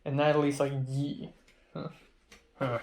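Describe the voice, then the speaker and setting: A man's voice: a little high, fairly even intonation, moderate pace, a little mellow. Rambling young man, vlog diary. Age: young adult. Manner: rambling, self-correcting storyteller. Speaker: vlogger.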